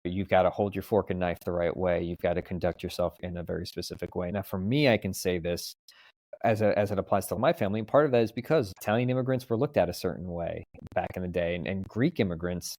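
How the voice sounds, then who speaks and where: Low-voiced man telling stories, dry room. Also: quick pace, no room sound. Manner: discursive, animated storyteller. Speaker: podcast guest, musician. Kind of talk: casual conversational interview.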